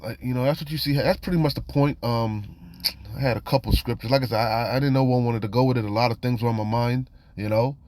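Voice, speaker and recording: A man's voice: mid-range voice, steady tone, fast, a little mellow. A man teaching from scripture in a casual, streetwise way, reading verses aloud and commenting with frequent "you know" and "man". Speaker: preacher.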